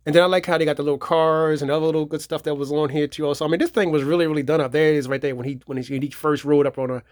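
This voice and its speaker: A man with a slightly high voice rambles through a casual show-and-tell, circling back to the same points and padding his talk with fillers. The sound is dry and close, with no room echo. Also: little pitch movement, very fast, darkish tone. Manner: rambling, repeats himself, many fillers and "too also". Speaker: collector showing his movie collection. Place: home theater room.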